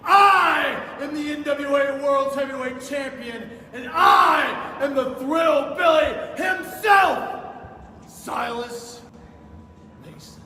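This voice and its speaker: A brash, swaggering wrestling champion bellows his boasts, played by a man. The voice is strained and bright, and the delivery is slow and drawn out. It rings through a big echoing hall with long reverb. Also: very high-pitched, slight background noise, heavily acted. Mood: boastful shouting. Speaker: wrestler cutting a promo. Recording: echoey arena clip with hall reverb.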